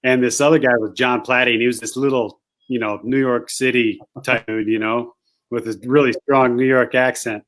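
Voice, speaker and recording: A man guest, a hunting guide, telling a rambling, animated anecdote in casual conversation. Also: medium pitch, moderate pace. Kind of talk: casual storytelling.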